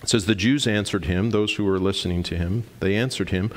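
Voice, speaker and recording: A man's voice: deep voice, brisk, few pauses. A male pastor preaching a sermon in an earnest, emphatic way, reading scripture aloud. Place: church sanctuary. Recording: long hall reverb.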